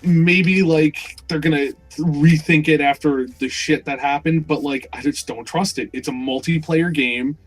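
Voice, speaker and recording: Brief: male podcast host, casual, animated, swears a lot, slightly higher voice, light music bed. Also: a little slow, hardly any pauses. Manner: excitable, swears freely, laughs often. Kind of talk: casual chat.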